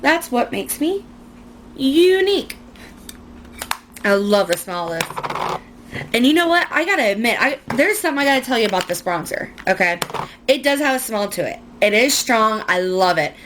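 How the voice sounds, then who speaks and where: A woman's voice: on the high side, big pitch swings, a little fast, noisy background. A young woman chatting casually through a makeup tutorial at home, rambling and self-mocking. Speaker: beauty vlogger.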